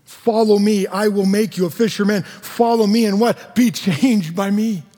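A male pastor giving a sermon, earnest and sing-song, dropping to quiet emphasis. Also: sits high, steady tone, moderate pace. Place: church sanctuary. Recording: long hall reverb.

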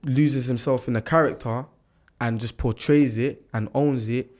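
A man's voice: mid-range voice, steady tone, moderate pace, a little mellow. A young man in casual podcast chat, laid-back and emphatic, often repeating his phrases.

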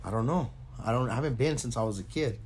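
A man's voice: mid-range voice, fast, darkish tone, slightly rough. A man co-hosting a podcast, chatting casually in a rambling, slangy way, swearing a lot and laughing often. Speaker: podcast co-host. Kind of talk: casual profane chat.

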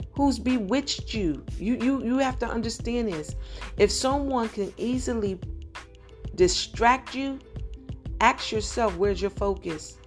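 A woman's voice: medium pitch, darkish tone. A woman preaching a sermon on a podcast, firing off rhetorical questions and building to emphatic, urgent peaks. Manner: exhorting with rapid rhetorical questions.

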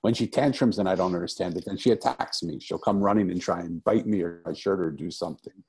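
A middle-aged man talks fast in a low-pitched, darkish, slightly rough voice. Interviewed as a guest, he relates a personal story in an earnest, reflective, conversational manner, repeating phrases for emphasis.

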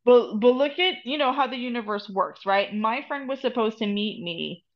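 A woman's voice: fairly high pitch, expressive, normal speed. A woman with a New Jersey accent telling a story in casual, profane chat as a podcast guest, dropping Spanish phrases. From United States. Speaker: podcast guest, Reiki master and tarot reader. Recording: dull lo-fi podcast audio.

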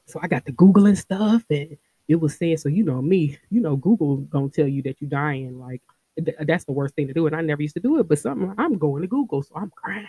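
A woman's voice: low voice, a little fast, dark tone, breathy edge. A woman in her thirties tells a personal story to her podcast listeners in a loose, chatty way. Her voice rises and falls a lot, and she laughs often as she talks. The sound is dry and close, with no room echo. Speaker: podcast host.

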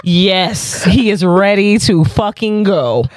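A woman's voice: mid-range voice, takes it slowly, no echo. A woman co-hosting a podcast, chatting casually in a comic, profane way, often laughing and slipping into voices as she tells a story. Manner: animated, profane, laughs a lot, mimics voices. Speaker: podcast co-host. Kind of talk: casual comedic chat.

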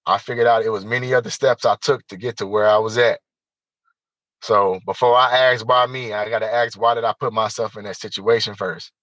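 A man telling a personal story as an interview guest, animated and emphatic, speaking straight to the listeners. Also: on the low side, brisk, no echo, rough recording.

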